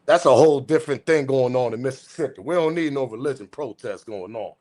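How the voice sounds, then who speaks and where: A man hosting a news commentary channel, ranting in a profane, slangy, repetitive way, swinging from muttering to shouting. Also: medium pitch, fairly quick. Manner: profane, repetitive, slangy, keeps saying respectfully. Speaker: host.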